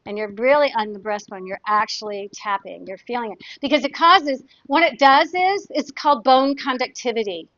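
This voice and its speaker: A woman's voice: on the high side, moderate pace, hardly any pauses, a bit bright, no echo. A woman therapist talking in a chatty, casual teaching way, demonstrating exercises and telling anecdotes. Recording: dull, dry lo-fi sound.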